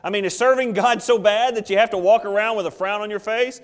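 A man preaching in a church sanctuary with an animated, joking storytelling manner, acting out small scenes as he goes. His voice sits high for a man. A long hall reverb trails behind each phrase. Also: fast. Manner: animated, jokey storytelling with acted asides. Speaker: pastor. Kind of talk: sermon.

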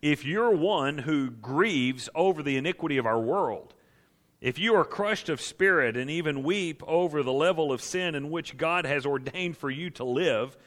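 Pastor, male, earnest sermon delivery that swells to impassioned emphasis; slightly high, bright, forceful tone.

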